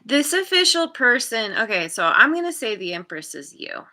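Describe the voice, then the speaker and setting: A woman's voice: fairly high pitch, very animated, moderate pace, pushed and bright. A woman giving a live tarot reading and thinking aloud, meandering and often restarting as she searches for words. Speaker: tarot card reader.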